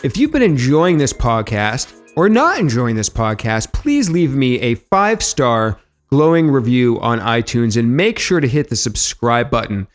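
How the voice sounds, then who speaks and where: A man hosting a podcast, delivering a mock-sincere comedic intro in a deadpan way. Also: medium pitch, unhurried, soft background music. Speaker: podcast host.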